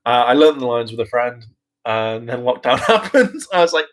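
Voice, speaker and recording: A man of ordinary pitch chats loosely to his viewers. He wanders from one thought to the next with plenty of "um"s and "like"s. He mocks himself and swears now and then in an easy, offhand way. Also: big pitch swings, moderate pace, a little hiss or hum, rough recording. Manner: chatty and self-mocking, with frequent fillers, laughs and mimicked voices; casual swearing. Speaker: vlogger and hopeful actor. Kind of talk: casual rambling commentary.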